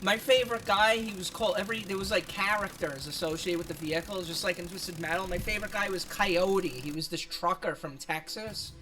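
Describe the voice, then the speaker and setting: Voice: medium pitch, steady tone, fairly quick, few pauses, bright, forceful tone, slight background noise. A streamer chatting casually over a game, rambling, swearing often, laughing a lot and self-conscious about their voice. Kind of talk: casual gaming stream commentary.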